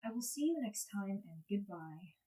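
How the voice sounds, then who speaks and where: A woman's voice: medium pitch, animated, moderate pace, mellow, recorded from a distance. A woman in her twenties chatting casually with her live stream chat, rambling from topic to topic. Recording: roomy sound, away from mic.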